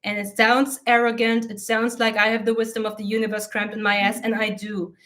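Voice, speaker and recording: A woman's voice: on the high side, level tone, brisk, a bit bright. A woman coach hosting her own channel, talking casually to camera in a blunt, profane, often laughing way. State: teary eyes from allergy. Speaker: mindset coach and channel host.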